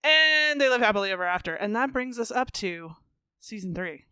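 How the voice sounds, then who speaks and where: A woman co-hosting a podcast, giving a fast, profane, joking recap of a TV series in casual chat. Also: fairly high pitch, lively intonation, sharp tone, clean tone, dry recording. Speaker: podcast co-host.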